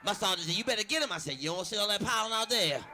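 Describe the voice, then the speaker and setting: A man's voice: high-pitched, expressive, very fast, background noise. Crude storytelling man doing stand-up. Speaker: stand-up comedian. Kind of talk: stand-up comedy set. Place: comedy club stage.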